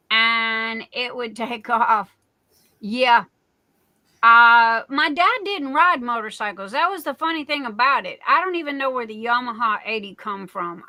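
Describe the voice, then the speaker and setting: A woman's voice: a little high, bright, forceful tone, dry recording. A middle-aged woman hosting a livestream, telling rambling folksy stories in a casual chat full of fillers. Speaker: livestream host.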